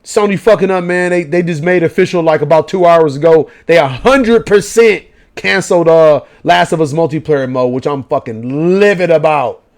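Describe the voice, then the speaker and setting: A man's voice: a little high, normal speed. A man, giving a profane late-night rant as a gaming vlogger. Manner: profane, animated ranting in slang.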